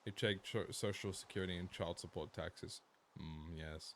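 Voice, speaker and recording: An Australian man streaming a game, chatting casually with his viewers and swearing freely, swinging from low mumbles to sudden loud outbursts. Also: steady tone, normal speed, slight background noise.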